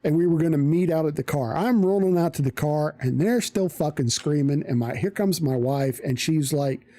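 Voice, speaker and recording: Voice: medium pitch, moderate pace, mellow, no echo. An adult parent streaming live, telling a story bluntly with plenty of swearing. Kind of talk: casual storytelling to a live chat.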